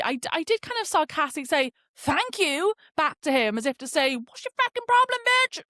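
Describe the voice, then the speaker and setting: A woman hosting a podcast, telling a story in a chatty, animated way and swearing freely. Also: a little high, dry recording, studio quality. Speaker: podcast host. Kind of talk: casual storytelling monologue.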